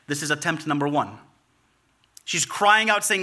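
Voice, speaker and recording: A man delivers a sermon from the pulpit in a high, strikingly bright voice. He hammers his points home through repetition and rising emphasis. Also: normal speed. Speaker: pastor.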